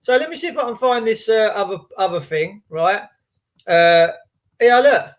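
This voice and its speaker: A man's voice: high voice, animated, normal speed. A British man giving a heated, emphatic, repetitive monologue to the camera. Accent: British English. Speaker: host.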